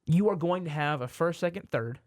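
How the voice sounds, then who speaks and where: A man's voice: a little high, a little fast, dry recording, clean studio sound. A man, co-hosting a sports podcast in casual chat, rambling and correcting himself, sometimes exasperated.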